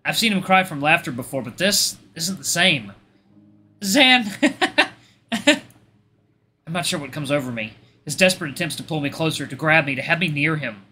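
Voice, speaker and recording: Bright-voiced man reading a story aloud. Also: fairly high pitch, fast, husky. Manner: expressive first-person narration, occasional stumbles. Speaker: let's play host. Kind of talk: reading a visual novel aloud.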